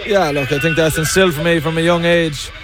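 A young man with a Mayo Irish accent, a footballer giving a modest, halting post-match interview. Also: fairly high pitch, steady tone, poor audio. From Belmullet, Ireland. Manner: halting, modest, many fillers. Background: loud music.

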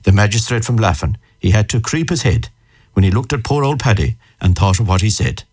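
An Irish man co-presenting a radio show, chatting and reciting a comic ballad in a lively storytelling way. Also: on the low side, brisk, slightly rough.

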